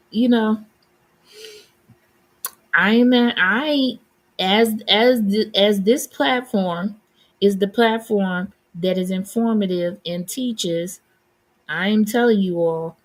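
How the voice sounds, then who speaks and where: A woman hosting a live stream, giving blunt, sassy commentary and answering her chat. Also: mid-range voice. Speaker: livestream host.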